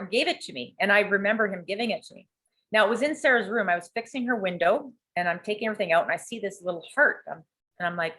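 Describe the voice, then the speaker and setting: A woman telling a candid family story in an animated way, swearing freely and acting out what people said. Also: medium pitch. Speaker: coaching client sharing a story.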